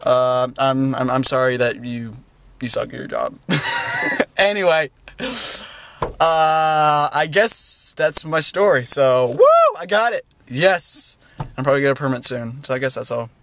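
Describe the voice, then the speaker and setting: A man's voice: medium pitch, big pitch swings, a little slow, fairly bright tone. A young man telling a rambling story in a casual vlog, full of "like" and "you know", often laughing. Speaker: vlogger.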